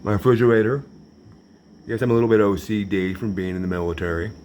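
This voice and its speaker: A man's voice: fairly low pitch, fast talker, darkish tone, a little hiss or hum. A man vlogging a casual tour of his new place, talking in a dry, sarcastic way. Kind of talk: casual home tour narration.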